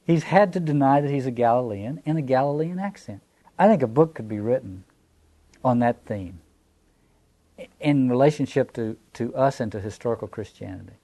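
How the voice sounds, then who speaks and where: A man's voice: mid-range voice, lively intonation, normal speed, mellow. A man with a Southern American accent, giving a reflective lecture on scripture, restarting phrases and posing rhetorical questions.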